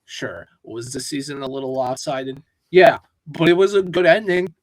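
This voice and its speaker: A man co-hosting a casual pop-culture podcast rants with lots of swearing. His voice is mid-range, his pace moderate, and there's no echo.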